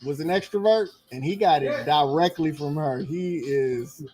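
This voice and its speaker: A man's voice: fairly high pitch, normal speed, warm tone, a little hiss or hum, rough recording. A man, a father guest on a podcast, chatting playfully and laughing often. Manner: laughing, playful, talks about his son. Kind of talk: casual chat.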